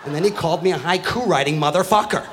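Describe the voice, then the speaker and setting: A middle-aged man doing a stand-up comedy routine, ranting with profanity and building to shouted outbursts. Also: on the high side, fast talker, over music. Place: live comedy venue with an audience. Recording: live stage recording with faint crowd and noise.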